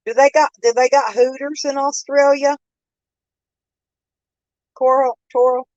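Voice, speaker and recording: A woman's voice: high voice, fairly even intonation, a little slow, a little mellow, dry recording, highs cut off. A woman, chatting casually with viewers on a live stream, laughing often and calling them by name. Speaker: host of a live chat stream. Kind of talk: casual chat. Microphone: phone.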